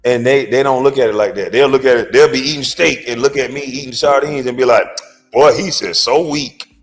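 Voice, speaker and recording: A man's voice: mid-range voice, steady tone, fast, faint music behind. A man hosting an opinion commentary, talking in a blunt, lecturing, emphatic way with slangy informal speech. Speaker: commentary host.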